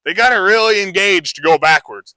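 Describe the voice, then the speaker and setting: A man's voice: high-pitched, fairly quick, sharp tone, no echo. A man who trains horses, talking a live audience through a demonstration in a casual, rambling way full of fillers.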